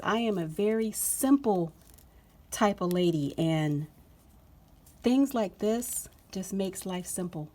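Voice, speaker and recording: An excitable woman vlogger talks to her viewers while unboxing, gushing over each detail. Her pace is slow and drawn out, and her pitch sits in an ordinary middle range. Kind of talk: casual unboxing chat to camera.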